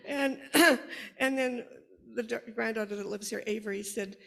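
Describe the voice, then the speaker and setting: A woman's voice: on the high side, moderate pace, creaky, a bit bright. An older woman sharing family stories into a microphone at a worship service, often laughing as she tells them. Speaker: congregation member sharing stories. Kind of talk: personal storytelling at a worship service. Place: congregation's worship space.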